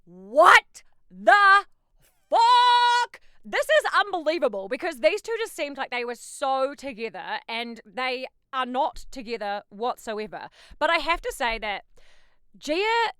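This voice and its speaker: A bubbly woman hosts a pop culture gossip show in a bright, crisp voice that swings all over the place. She talks cheekily and bursts out loudly now and then. The recording is dry and close. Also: sits high, very animated, moderate pace, dry recording. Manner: bubbly and cheeky, with sudden loud outbursts. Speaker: host.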